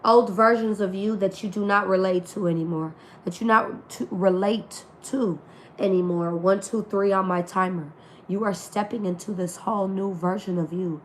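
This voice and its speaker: She speaks at medium pitch with fairly even intonation and a moderate pace, and slight background noise can be heard. The tarot reader delivers a spiritual reading to her online viewers in a casual, slangy, profane way, her voice still healing.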